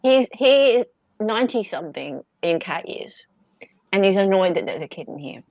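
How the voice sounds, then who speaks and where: Animated woman for casual stream chat, very bouncy pitch, dry close recording. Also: moderate pace, dry recording. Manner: chatty, animated storyteller with laughs. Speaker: stream co-host. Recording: dull dry lo-fi sound.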